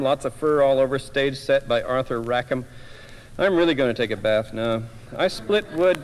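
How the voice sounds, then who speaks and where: A man, a poet, reading his own poem aloud in a wry, expressive way with sudden loud outbursts. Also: medium pitch, big-room sound, poor audio. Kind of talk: poetry reading.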